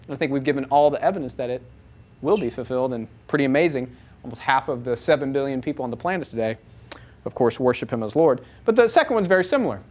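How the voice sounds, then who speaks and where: A man teaching a live audience, animated, asking them many rhetorical questions. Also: mid-range voice, quick pace. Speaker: Bible teacher.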